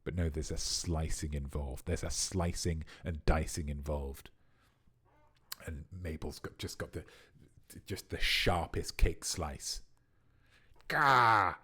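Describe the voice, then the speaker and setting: A man's voice: very deep voice, steady tone, a little slow, a bit bright, husky. A man hosting a quiz livestream, riffing playfully and at length on viewers' answers. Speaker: quiz host.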